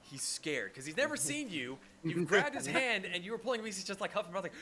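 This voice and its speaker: Lively man narrating a tabletop game. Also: high-pitched, a little fast, background noise. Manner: animated, acts out crowd voices. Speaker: game master.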